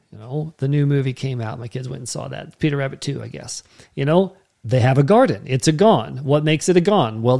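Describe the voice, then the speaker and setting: A man, a pastor, teaching a Bible lesson in a conversational way, checking in often with "okay?" and slowing down to explain words. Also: medium pitch, a little mellow. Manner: slow emphatic word-by-word explanations.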